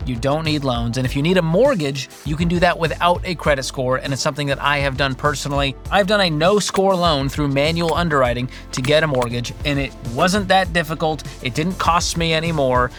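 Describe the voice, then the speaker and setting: Brief: sarcastic male finance host, casual comedic commentary, slightly high-pitched, faint background music. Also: a little fast, hardly any pauses, a bit bright. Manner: wry, sarcastic, jokey. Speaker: personal finance host reacting to videos.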